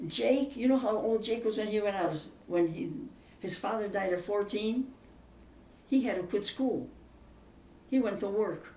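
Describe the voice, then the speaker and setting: A woman's voice: deep voice, warm tone. Older woman telling family stories, roomy. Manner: chatty, emphatic, laughs through her stories. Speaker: interviewee. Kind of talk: casual storytelling interview. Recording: roomy, distant mic, faint background hiss.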